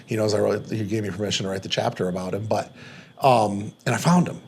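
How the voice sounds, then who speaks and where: A man's voice: on the low side, fairly even intonation, quick pace, vocal fry, slight background noise. A man telling a personal story as a podcast guest, rambling and casual, peppering his talk with fillers and swearing. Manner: rambling, profane, many "like" fillers.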